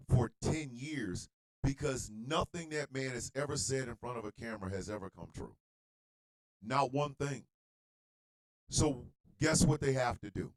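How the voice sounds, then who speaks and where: A man hosting an internet radio show, delivering a blunt, profane monologue rant that swings between low muttering and shouting. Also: poor audio.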